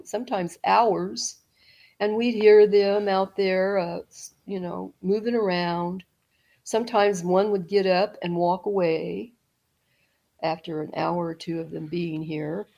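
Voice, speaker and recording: Middle-aged lady guest rambling thru a story, gravelly fry, lots of restarts. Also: mid-range voice. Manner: rambling, with restarts and soft laughs. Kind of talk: casual storytelling interview.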